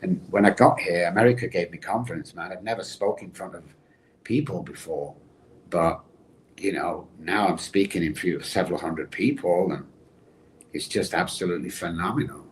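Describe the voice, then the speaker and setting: A middle-aged man, a podcast guest and addiction recovery expert, telling his own story in an animated way and addressing the host by name. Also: low-pitched, moderate pace, a little hiss or hum. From England.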